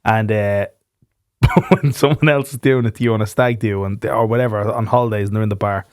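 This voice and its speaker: A man's voice: lowish voice, steady tone, fairly quick, clean tone, dry recording, studio quality. A man hosting a podcast, chatting casually and telling stories with plenty of swearing. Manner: swearing, storytelling with acted quotes. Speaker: podcast host and musician. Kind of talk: casual chat.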